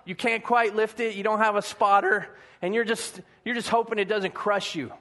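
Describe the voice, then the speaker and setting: A man's voice: high-pitched, steady tone, moderate pace, hardly any pauses, sharp tone. A man preaching a conversational sermon, mixing humor with earnest encouragement. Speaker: pastor.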